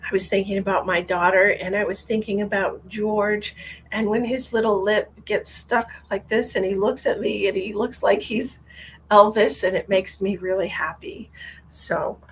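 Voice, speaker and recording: Woman medium doing a live stream reading, calm soothing voice, talks slow, middle pitch. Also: a little hiss or hum, poor audio. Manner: soothing, guiding meditation. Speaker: psychic medium.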